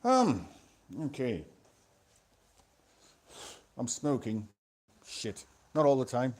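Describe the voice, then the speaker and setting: A man's voice: mid-range voice, wildly swooping pitch, extremely slow, darkish tone. A man rambling through a live stream monologue in a sweary, self-mocking way, talking close into a phone. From Scotland. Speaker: vlogger. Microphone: phone held close to the mouth.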